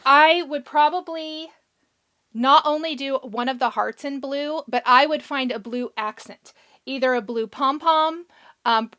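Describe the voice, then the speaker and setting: A woman with a high, bright voice hosts a live craft tutorial, talking through each step as she works and answering viewers as their comments come in. She sounds chatty and encouraging, and her voice is a little hoarse. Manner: chatty, encouraging, thinks aloud while working. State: a bit hoarse. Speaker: craft show host.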